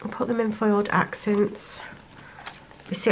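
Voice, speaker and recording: A woman's voice: mid-range voice, little pitch movement, normal speed, slight background noise. A young woman chatting casually to camera while she sorts her sticker collection and thinks aloud. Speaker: planner sticker vlogger.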